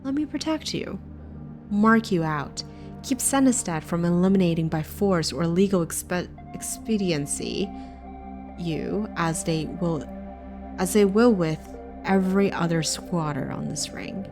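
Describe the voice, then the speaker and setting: A cool, calculating schemer from a sci-fi game, read out by a woman in a lowish voice. The delivery is measured and quietly persuasive. Clear music plays behind the voice. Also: lightly acted.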